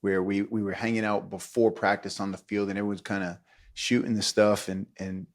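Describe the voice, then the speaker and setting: On his podcast, a middle-aged man with a lowish voice spins stories at a brisk pace in an easygoing conversation. He's animated, acts out what people said, and laughs frequently.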